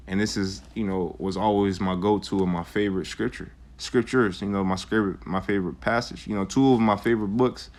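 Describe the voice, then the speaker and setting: A young man talking casually about faith, full of slang and "you know," reading old verses aloud. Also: lowish voice. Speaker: vlogger sharing scripture. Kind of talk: casual religious talk and scripture reading.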